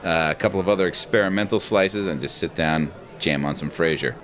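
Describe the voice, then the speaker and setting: A man's voice: low-pitched, brisk, fairly bright tone, faint music behind. A man co-hosting a podcast in casual chat, swearing freely and laughing often. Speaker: podcast co-host.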